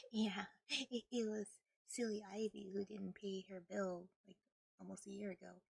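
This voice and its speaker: A woman's voice: mid-range voice, level tone, unhurried, gravelly, darkish tone, husky, no echo, clean studio sound. A woman streaming a video game, chatting casually and rambling with frequent laughter. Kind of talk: casual gameplay stream chat.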